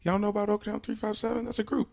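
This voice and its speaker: A man's voice: high voice, level tone, racing, gravelly, a little mellow. A man co-hosting a podcast in casual chat, rambling off on tangents and joking around. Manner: rambling, goes off on tangents, jokey. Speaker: podcast co-host.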